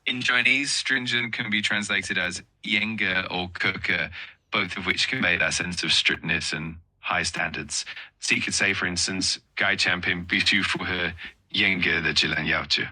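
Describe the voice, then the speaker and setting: Bright, low-voiced encouraging male tutor. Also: steady tone, moderate pace, husky, rough recording. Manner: encouraging, upbeat, offers more help. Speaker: English vocabulary tutor. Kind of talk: patient explanation.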